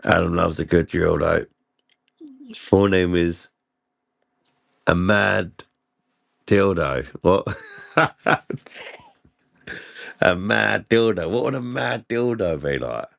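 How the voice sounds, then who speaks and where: A man's voice: deep voice, slow, gravelly, long pauses, fairly bright tone. A man drinking and joking through a casual livestream, reading comments aloud and laughing often. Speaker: livestream host.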